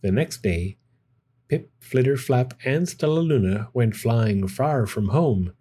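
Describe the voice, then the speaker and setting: A man reading a children's picture book aloud in a gentle, expressive storytelling manner. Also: mid-range voice, slow, breathy edge.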